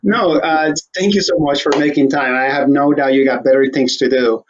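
Brief: male host, mid-pitched voice, rambling jokey banter, slightly muffled recording. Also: fairly even intonation, moderate pace, slight background noise. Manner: joking, rambling, laughs often. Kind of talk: casual interview chat. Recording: slightly dull audio.

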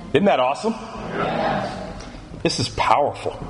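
A man preaching a sermon in a church room, animated, repeating his phrases for emphasis. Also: a little high, moderate pace, pauses often. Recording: echoey room with faint noise.

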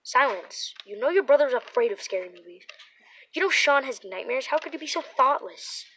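A woman's voice: sits high, animated, normal speed, a bit bright, slight background noise, rough recording. A woman reading the lines of a stern, scolding father in a children's story, in her own voice. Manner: scolding and lecturing. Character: stern bald scientist father.

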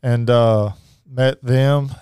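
Guy telling his story on a podcast, lots of ums and restarts, smooth warm voice, no room sound. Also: mid-range voice, fairly even intonation, dry recording, clean studio sound. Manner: halting, many fillers and restarts. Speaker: podcast guest. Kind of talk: personal storytelling.

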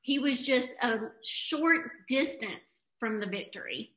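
Brief: female co-host, earnest motivational tone, somewhat high, echoey room. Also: lively intonation, slow, pushed and bright. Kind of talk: motivational speaking.

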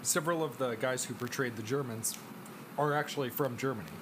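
A man's voice: medium pitch, fairly quick, noisy background. A young man co-hosting a casual movie podcast, telling stories loosely and laughing along. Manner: laughing, loose storytelling with swearing. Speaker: podcast co-host. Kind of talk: casual chat.

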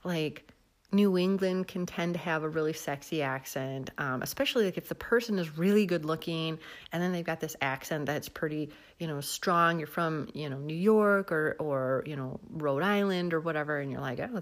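A woman from the American Midwest chats on her own show with a Midwestern accent. Her voice sits a little low, and she talks loosely with plenty of fillers and quick laughs. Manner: chatty, laughs often, many fillers. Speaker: podcast host. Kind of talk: casual solo chat.

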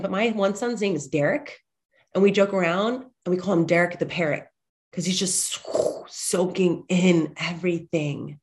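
A woman's voice: fairly low pitch, moderate pace. A woman in her thirties, slightly congested, giving a motivational monologue full of chatty personal stories, blunt and sometimes profane. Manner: animated, chatty storyteller, blunt and profane at times.

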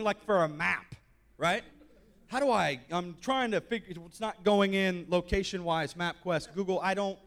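A male pastor with a high-pitched voice delivers a sermon to a church congregation. He talks in a loose, joking way, then builds up to loud, shouted calls to the crowd. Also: normal speed.

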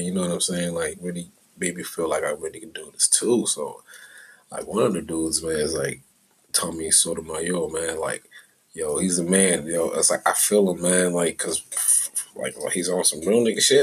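A man's voice: low-pitched, moderate pace, slightly rough, poor audio. A middle-aged man talking in a loose, profane, rambling monologue as a podcast host, drifting from mumbles into heated rants.

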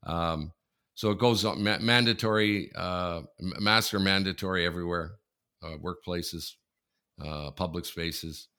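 A man's voice: sits low, unhurried. A man from Canada co-hosting a casual chat show, telling anecdotes with lots of laughter. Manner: animated storyteller, laughs through anecdotes. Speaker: podcast co-host.

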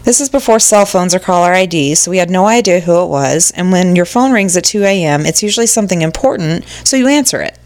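A woman's voice: lowish voice, quick pace, hardly any pauses. A woman co-hosting a casual podcast, reading listener stories aloud and reacting with exclamations. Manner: animated, reacts with exclamations and swearing.

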